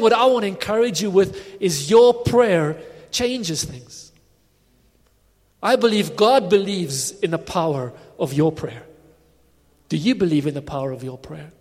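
A man preaching a sermon in a conversational, reflective way, recorded in a church hall. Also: sits high. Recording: long hall reverb.

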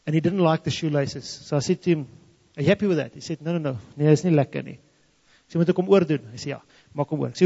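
A man's voice: fairly high pitch, quick pace, creaky, warm tone, husky. A man from South Africa's Free State with an Afrikaans South African accent, a native Afrikaans speaker, telling a story as a testimony and switching between English and Afrikaans. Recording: dull lo-fi sound in a reverberant hall.

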